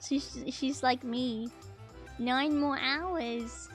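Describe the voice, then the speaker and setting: A woman streamer chatting casually while reacting to a video, playful, her voice jumping much higher when excited. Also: very slow, soft background music.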